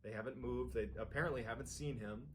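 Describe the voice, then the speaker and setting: A man narrating a true-horror tale, pacing it for suspense and rising in intensity. His voice sits in a middle pitch. A faint ambient hum runs behind him. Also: steady tone, quick pace. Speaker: storyteller.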